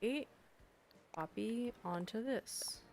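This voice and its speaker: A woman streamer talks at an unhurried, easy pace, chatting with her viewers while she designs. She laughs often and reads chat messages aloud. Faint music plays behind her voice. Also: a little high, vocal fry, darkish tone.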